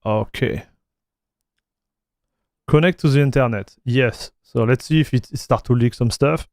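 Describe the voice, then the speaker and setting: Slow-talking French-accented man streaming. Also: medium pitch, a little mellow, no room sound, clean studio sound. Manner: loose and chatty, with many fillers and repeated words. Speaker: tech streamer. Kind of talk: casual livestream chat while installing software.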